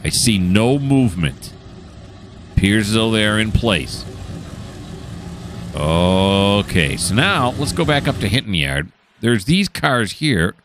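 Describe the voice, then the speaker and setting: A man hosting a train simulator game, chatting casually and enthusiastically with many pauses and filler sounds. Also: lowish voice, sing-song, background noise. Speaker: train simulator gameplay host. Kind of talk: casual gameplay commentary.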